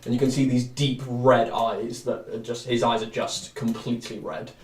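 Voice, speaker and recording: A man narrating a tabletop game in a loose, rambling way, stacking fillers as he describes scenes. His mid-pitched voice sits in a roomy space, picked up from some distance. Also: flat delivery, normal speed. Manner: rambling, many fillers and restarts. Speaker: game master.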